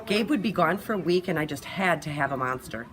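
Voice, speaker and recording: A woman reading a children's picture book aloud, telling the story expressively and clearly. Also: sits low, animated, brisk, distant mic, background noise.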